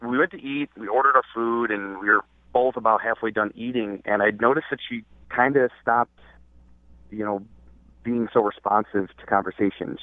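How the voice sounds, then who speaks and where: A man's voice: medium pitch, no room sound. A man calling in by phone, telling his story in a hesitant way with lots of fillers. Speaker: caller. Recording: tinny phone line.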